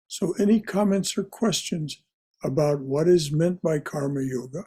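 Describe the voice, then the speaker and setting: Husky-voiced man teaching a class. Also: on the high side, unhurried. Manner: gentle, often restarts and repeats words. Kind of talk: leading a religious study class.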